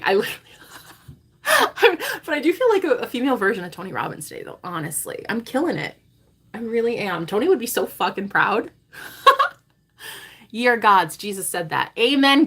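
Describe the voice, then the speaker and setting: A woman in her thirties, a spiritual coach, talking to her vlog viewers in a dramatic, swearing monologue that swings between loud declarations and hushed asides. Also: mid-range voice, creaky, breathy edge. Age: 30s.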